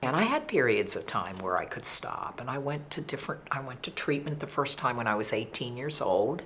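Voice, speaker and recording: A woman, animated and self-deprecating as she talks candidly about her past. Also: a bass voice, a little fast, slight background noise. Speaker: interviewee in recovery. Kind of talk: candid conversational storytelling.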